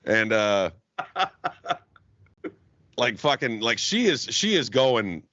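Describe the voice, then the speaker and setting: At an extremely slow pace, a young man with a medium-pitched, fairly bright voice tells a long story while co-hosting a podcast. He's very animated, laughs often and swears constantly in a rambling, casual chat. There's no room sound, though the recording is dull and lo-fi.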